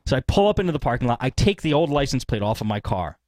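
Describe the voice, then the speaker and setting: A man hosting a podcast, telling a long story in a rambling, animated way and acting out what people said. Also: mid-range voice, fast, dry recording. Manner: rambling, animated retelling with acted-out quotes. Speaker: podcast host. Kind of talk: casual storytelling.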